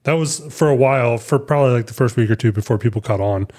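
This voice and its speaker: A young adult man co-hosts a podcast, chatting casually and telling stories in a rambling way, full of fillers and restarts. His voice is mid-range, fast and a little mellow.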